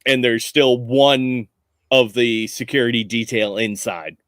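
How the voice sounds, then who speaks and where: A man's voice: mid-range voice, fairly even intonation, unhurried, fairly bright tone, no echo. A man running a tabletop game as game master, narrating scenes loosely with many fillers.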